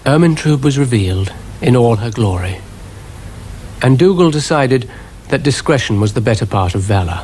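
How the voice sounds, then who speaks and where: A British man narrating a children's stop-motion story in a dry, gently wry manner. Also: medium pitch, expressive, moderate pace, a little hiss or hum.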